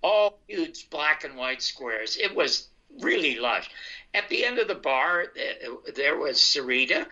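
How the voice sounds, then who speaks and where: An older man, a comedian, telling his life story in a casual, animated way and acting out the dialogue. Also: fairly high pitch, measured pace. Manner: animated anecdotal, acts out dialogue. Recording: dull lo-fi sound.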